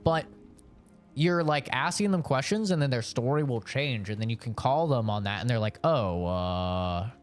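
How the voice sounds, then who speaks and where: A man with a medium-pitched voice talks at a normal pace over faint background music. Streaming a game, he rambles and cracks jokes while chatting casually with his viewers.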